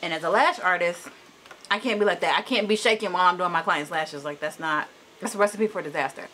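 A woman vlogging casually from her parked car, talking to a camera propped on the dashboard in an animated, anxious way. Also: fast, a little hiss or hum. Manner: chatty and animated, rising high when annoyed. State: anxious, shaky nerves. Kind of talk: casual vlog chat.

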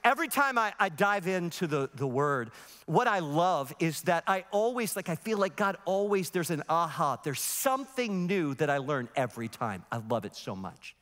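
A man's voice: sits high, big-room sound. A man in his forties preaching a sermon as pastor, telling stories animatedly and acting out the voices in them. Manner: animated storytelling with voices and laughs. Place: large church sanctuary.

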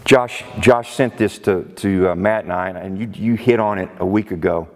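A man's voice: low-pitched, normal speed, long reverb tail. A male preacher delivering a sermon in an emphatic way, often exclaiming in disbelief. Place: church sanctuary.

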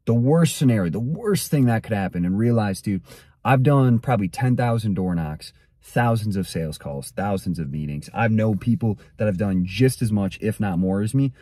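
A man's voice: fairly low pitch, lively intonation, normal speed, warm tone, breathy edge, no room sound, studio quality. A young man delivering a blunt, slangy motivational monologue and telling a story straight to the viewer. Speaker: motivational content creator.

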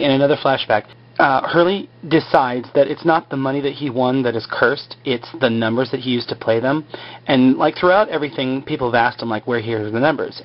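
Laid-back rambling man, muffled recording. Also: medium pitch. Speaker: show recapper. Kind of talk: casual retelling of a TV episode.

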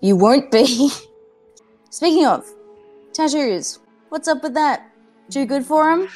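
A woman's voice: high voice, expressive, takes it slowly, a little mellow, faint music behind. A woman player speaking in character during a tabletop game, dry and sardonic. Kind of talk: in-character tabletop role-play.

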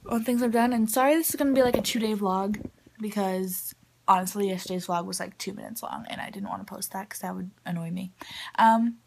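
A woman's voice: on the high side, gravelly, darkish tone. A young woman vlogging in a chatty, rambling way, full of "like" and "um". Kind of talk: casual vlog chat.

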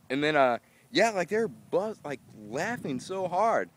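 A tired young man rambling goofily to a handheld camera outdoors in a casual vlog, breaking into excited yelps. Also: a little high, unhurried, hardly any pauses, slight background noise. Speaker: vlogger.

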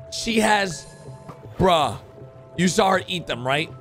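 Excitable man reacting over music. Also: high voice, takes it slowly, long pauses. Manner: excitable, exclamatory, cheers on characters. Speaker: reaction video host. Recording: music playing under the voice.

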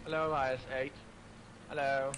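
A man playing a tank game with friends, excitable, shouting and swearing in tense moments. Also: medium pitch, normal speed. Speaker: gamer teammate on voice chat. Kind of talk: gaming voice chat. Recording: noisy voice chat line.

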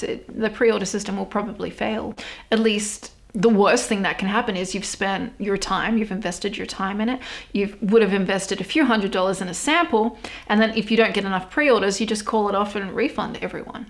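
A woman's voice: medium pitch, creaky. A young Australian woman hosting her own podcast, talking candidly and swearing casually, with frequent laughter. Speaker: podcast host. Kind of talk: casual solo podcast chat.

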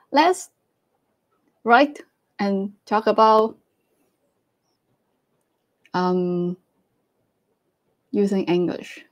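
Woman doing a livestream, super slow, kinda high voice, laughs a lot. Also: a little mellow. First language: Cantonese. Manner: slow, halting, laughs often. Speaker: livestream host. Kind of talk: casual live-stream chat.

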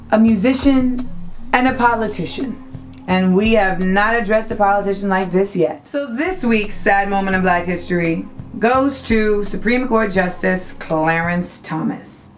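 Brash, profane woman host ranting. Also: on the high side. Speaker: web show host. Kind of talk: casual comedic commentary.

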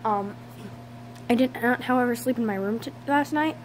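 A tired young woman chatting casually in a home vlog, soft and hesitant with many pauses and ums. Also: a little high, a little hiss or hum, rough recording. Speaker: vlogger. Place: home, indoors.

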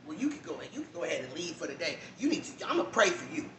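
A woman's voice: deep voice, expressive, fast talker, reverberant, distant mic, background noise. A man voicing a snippy, dismissive female coworker while retelling an argument. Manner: snapping, dismissive.

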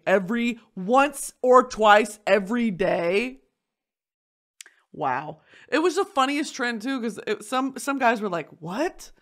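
A young adult woman hosting a podcast, ranting in a crude, comedic, animated way with bursts of shouting and laughter. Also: medium pitch. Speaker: podcast host. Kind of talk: casual comedic podcast rant.

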